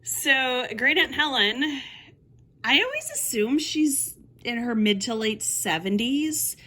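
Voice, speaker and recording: A woman's voice: mid-range voice, sharp tone. A woman giving a casual book review, wry and sarcastic, laughing now and then as she talks.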